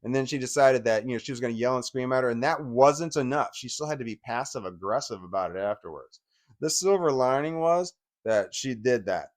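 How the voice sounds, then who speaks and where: A man's voice: medium pitch, lively intonation, a little fast. A man in his forties giving an angry, profane personal rant, often stumbling and restarting his sentences. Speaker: vlogger.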